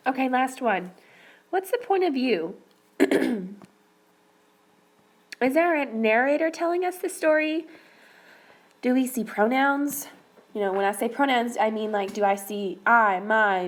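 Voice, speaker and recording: A woman's voice: fairly high pitch, takes it slowly, pauses often, low-quality recording. Upbeat woman teacher talking students through. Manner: encouraging, repeats okay, talks students through steps. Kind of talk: recorded reading lesson for students.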